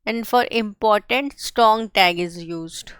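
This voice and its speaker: A woman teaching a coding tutorial, explaining each step slowly and carefully. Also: mid-range voice, a bit bright, smooth, dry recording. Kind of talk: screen-share coding tutorial.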